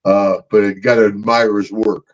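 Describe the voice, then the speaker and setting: An older man co-hosting a podcast in casual chat, gruff and boisterous, with loud shouted asides. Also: on the low side, flat delivery, normal speed. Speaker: podcast co-host, retired wrestler. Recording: dull lo-fi podcast audio.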